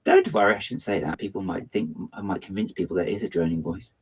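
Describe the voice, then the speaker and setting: A fast-talking man with a breathy edge to his voice builds on a livestream and chats casually, poking fun at himself. The mood is lively, with theatrical leaps into a high pitch.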